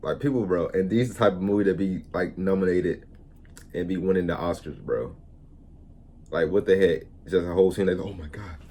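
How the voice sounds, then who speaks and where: A man's voice: deep voice, moderate pace, slight background noise. A man hosting a reaction video, ranting casually and animatedly in heavy slang. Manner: animated slangy rants, constant "bro". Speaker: YouTube reaction host.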